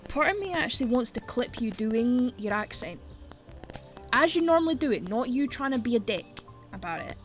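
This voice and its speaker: A woman's voice: fairly high pitch, lively intonation, moderate pace, faint music behind, low-quality recording. A Scottish woman streaming, chatting casually and bluntly while she plays, swearing freely. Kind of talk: casual chat while gaming.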